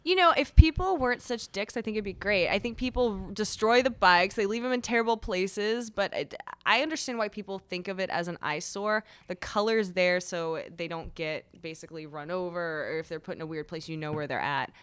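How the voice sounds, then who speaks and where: A woman's voice: medium pitch, a little fast, a bit bright, clear, resonant tone, no echo. A young woman with a Southern Californian accent, a guest on a podcast, talking candidly and laughing easily. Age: young adult. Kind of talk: casual podcast chat.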